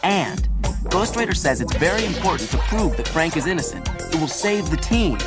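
A woman's voice: fairly low pitch, sing-song, normal speed. A woman narrating a scripted episode recap, telling the story and speaking directly to young viewers. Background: music.

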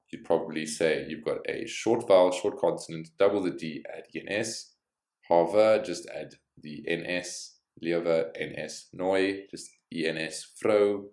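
A man with a low, deep voice teaches a language lesson, explaining each rule step by step. He adds small bits of encouragement as he goes. The sound carries an echo from the room. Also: darkish tone.

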